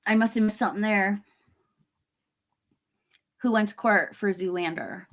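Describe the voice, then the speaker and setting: In an unhurried, mid-range voice, a middle-aged woman who makes horror videos chats on a live stream. She reads comments from viewers, laughs a lot, and frequently lets her sentences drift away unfinished.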